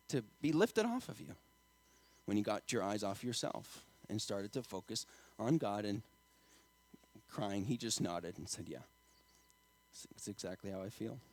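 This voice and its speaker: A man preaching a sermon as pastor, rising to loud emphatic lines and dropping to a quiet storytelling tone. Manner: emphatic preaching, getting louder and higher on key lines; drops to quiet storytelling in the anecdote.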